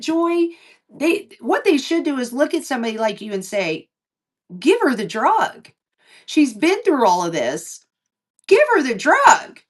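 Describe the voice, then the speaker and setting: A slightly high-voiced woman tells a long story in casual chat. She swears freely and acts out other people's lines, dropping or raising her voice for them. Her pitch sits a bit above the usual. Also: distant mic. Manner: animated, swearing, acts out dialogue in lowered and raised voices. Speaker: livestream co-host.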